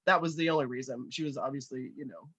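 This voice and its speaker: A woman's voice: very deep voice, steady tone, fast talker, dull audio, crowd noise. A woman co-hosting a podcast in casual chat, laughing often and swearing freely. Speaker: podcast co-host.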